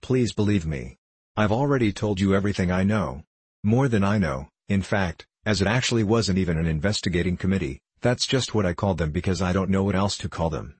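An earnest young clerk who presses his point and explains at length, as a male reader puts him on. The voice is very deep and a little husky, close and dry. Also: expressive, brisk, darkish tone, no room sound.

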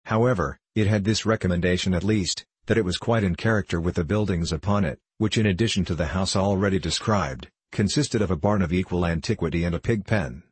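A man narrating a classic novel in a measured, formal storytelling manner. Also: sits low, breathy edge, dry recording. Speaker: audiobook narrator. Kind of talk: scripted narration.

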